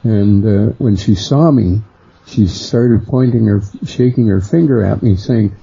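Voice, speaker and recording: A middle-aged man, a guest on a radio interview, slowly recounting a personal experience and lifting his voice for the people he quotes. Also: vocal fry, mellow, husky. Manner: unhurried storyteller who acts out quoted voices higher. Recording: dull lo-fi sound.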